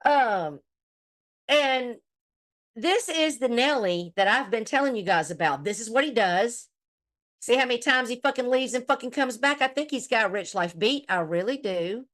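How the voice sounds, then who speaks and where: A woman's voice: on the high side, lively intonation, moderate pace, a bit bright. A middle-aged woman hosting a casual commentary chat, blunt and profane, trash-talking the people she discusses. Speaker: host.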